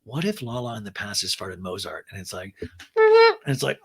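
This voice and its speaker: A man's voice: on the low side, fairly quick, slightly rough. A man hosting a comedic recap podcast, talking animatedly and giggling between his own jokes. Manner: animated, giggly, acts out quotes. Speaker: podcast host.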